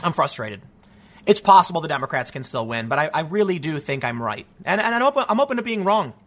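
A man's voice: fairly high pitch, very animated, fast talker, fairly bright tone. A man giving solo political commentary as host, ranting in a frustrated, emphatic way with many restarts.

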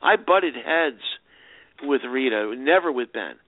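A film director chats through long, rambling anecdotes and trips over his words as he goes. His mid-pitched voice comes through dry and tinny, as if over a phone line. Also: expressive, takes it slowly, no echo. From United States. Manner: rambling anecdotes with many restarts. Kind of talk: casual interview answers.

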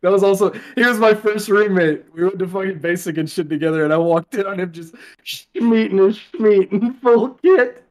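A young man chatting on a podcast, loose, profane and emotional, laughing often. His voice sits a little high. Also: normal speed. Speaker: podcast guest, soldier. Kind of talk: casual chat.

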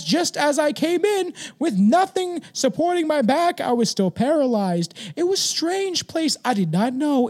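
A man voicing a dazed teenage boy recounting an alien abduction in a halting, flat recital. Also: extremely high pitch, pitched above the performer's own voice.

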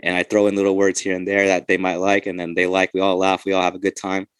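Casting note: rapid, low-voiced cop, loose and profane, dry close sound. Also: male voice, monotone, fairly bright tone, clean tone, no room sound. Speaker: podcast host, police officer. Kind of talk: casual chat.

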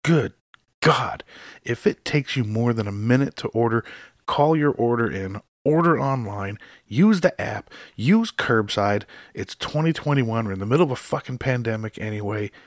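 A male podcast host ranting on his own, swearing at every turn and working himself into loud, exasperated outbursts. His voice sits in an ordinary middle pitch and is recorded close and dry, with no room sound at all. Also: animated, moderate pace, dry recording. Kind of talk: profane solo rant.

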